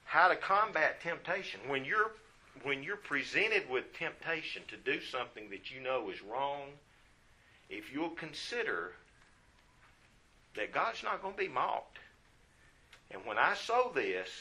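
A man's voice: medium pitch, pushed and bright, husky. A man preaching a sermon in a folksy way, often repeating phrases for emphasis.

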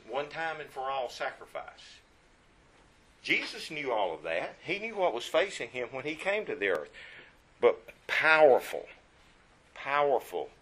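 A man preaching a sermon in church, his voice sitting at a middling pitch. He reads scripture aloud and quizzes the listeners. He drops to a hush, then rises to strong, stressed lines. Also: husky. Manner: swings from hushed to emphatic.

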